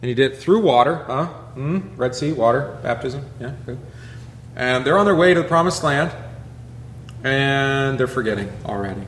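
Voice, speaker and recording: A man, a pastor, teaching a Bible class in a relaxed conversational way, peppering it with rhetorical questions and asides. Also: mid-range voice, moderate pace, reverberant, a little hiss or hum.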